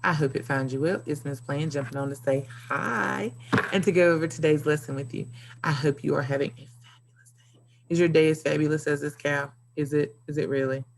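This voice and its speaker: A woman's voice: deep voice, steady tone, a little fast, creaky, a little hiss or hum. A woman teacher giving a recorded video lesson to young pupils, upbeat and playful with sing-song emphasis. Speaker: elementary school teacher.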